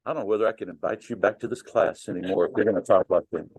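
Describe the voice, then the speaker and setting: A man's voice: on the low side, very fast, darkish tone, breathy edge, no room sound. A middle-aged man teaching a Bible class in a conversational way, asking the class questions and joking with them. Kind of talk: interactive Bible study teaching.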